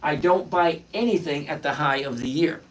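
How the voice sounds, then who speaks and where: Reading chat on his relaxed stock-trading livestream, a middle-aged host greets people by name and takes their questions. He speaks at a moderate pace in a fairly high, slightly bright voice.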